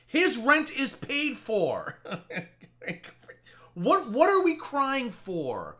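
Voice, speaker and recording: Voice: medium pitch, very animated, slow, bright, forceful tone. A reaction streamer mocking another streamer in casual live commentary, swearing freely and slipping into mock-weepy impressions.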